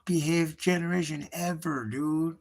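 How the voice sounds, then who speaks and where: His voice sits on the high side, fairly even in intonation and measured in pace. As he draws on a live stream, the middle-aged man drifts through nostalgic anecdotes in profane slang, calling the listener bro and dog, trailing off and beginning again.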